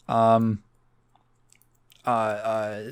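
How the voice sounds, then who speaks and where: A man's voice: on the low side, completely flat delivery, extremely slow, clean tone. A man hosting a podcast in casual chat, rambling with fillers, laughter and swearing. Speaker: podcast host.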